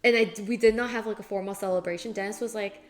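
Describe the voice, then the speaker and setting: A woman's voice: medium pitch, steady tone, quick pace, soft background music. A young adult woman streaming as she cooks in her home kitchen, chatting casually and rambling with lots of "like" fillers. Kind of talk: casual chat while cooking.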